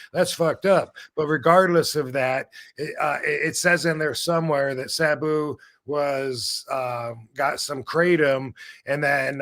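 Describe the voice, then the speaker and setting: A middle-aged man hosting a casual livestream chat, talking bluntly and rambling through animated stories. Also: on the high side. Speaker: podcast host. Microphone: video call.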